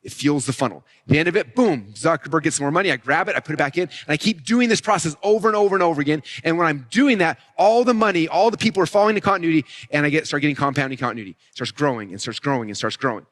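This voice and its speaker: A man teaching a live marketing session, fast and energetic, often acting out customers' thoughts. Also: a little high. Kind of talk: live event teaching talk.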